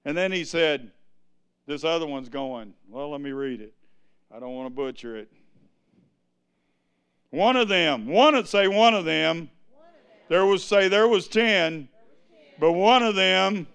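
Male preacher, high voice, deliberate pace, loud-soft swings. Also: expressive, smooth. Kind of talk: sermon. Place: church.

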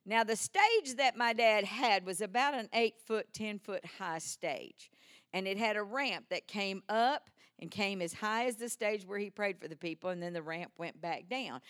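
An older woman preaches from personal stories, her delivery animated and sometimes bursting out loud before dropping to a hushed tone. Her pitch sits at a medium height for a woman. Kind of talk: sermon with personal storytelling.

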